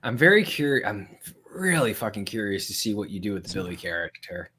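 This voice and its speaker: A man co-hosting a live movie commentary podcast, excitable and swearing casually, laughing often. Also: fairly low pitch, fairly quick, slightly rough. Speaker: podcast co-host.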